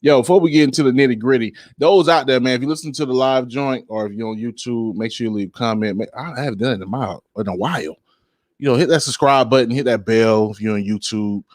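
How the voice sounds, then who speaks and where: A man's voice: medium pitch, no echo, clean studio sound. A man hosting a casual music podcast, rambling and laid-back, with many fillers, and he laughs at his own slips. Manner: drawn-out speech with many fillers. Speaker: podcast host.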